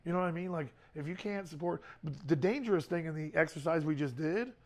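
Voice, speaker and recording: A man's voice: a little high, fast talker, darkish tone. Man giving a casual youth talk. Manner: conversational, repeats words, many fillers. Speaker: youth group speaker.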